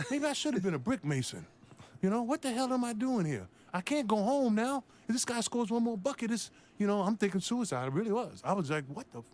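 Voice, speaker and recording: A middle-aged man, a former basketball player, telling a story with lively acted-out voices. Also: high-pitched. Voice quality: animated, acts out voices in the story.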